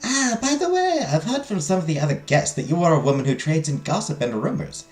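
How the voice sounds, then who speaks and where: A man voicing an excitable scheming noblewoman accomplice who hisses and gushes in a raised voice. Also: a little high, a little fast, reverberant, soft background music, voice pushed up. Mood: confiding. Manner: breathless, gushing whisper-hiss.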